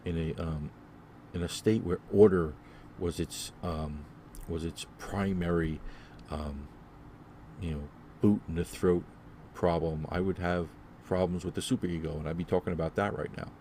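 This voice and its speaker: Male solo podcast host, deep mellow voice, rambling and repetitive, heavy on fillers. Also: steady tone, moderate pace, a little hiss or hum. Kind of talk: solo casual podcast monologue.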